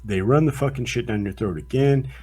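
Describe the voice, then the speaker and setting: A man co-hosting a podcast, chatting casually about sports in a rambling, profane, animated way. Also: mid-range voice, brisk, husky. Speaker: podcast co-host. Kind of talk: casual chat.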